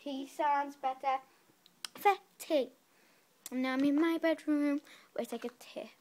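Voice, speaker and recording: A woman's voice: sits high, steady tone, a little slow, darkish tone, slight background noise. Rambling chatty girl vlogging. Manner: rambling, self-correcting and chatty. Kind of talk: casual vlog chat. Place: bedroom.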